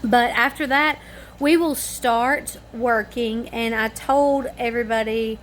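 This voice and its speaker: Tired, chatty woman, higher voice. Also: fairly even intonation, takes it slowly, slight background noise. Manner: rambling, homespun, chatty. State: tired and yawning. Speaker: family vlogger. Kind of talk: casual chat to camera. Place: at home in the evening.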